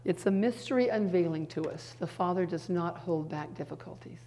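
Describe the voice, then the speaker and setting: An earnest middle-aged woman preaching in a sermon-style talk. Her voice sits fairly low and sounds mellow and warm. She slips into quiet, hushed asides between points. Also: moderate pace.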